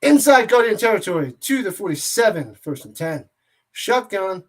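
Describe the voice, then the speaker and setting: Guy doing goofy play-by-play at a watch party, rambling jokes, yelling on the big catches. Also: extremely high pitch, moderate pace. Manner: jokey and excitable, rambles between plays; shouts on big plays. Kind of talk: casual play-by-play commentary.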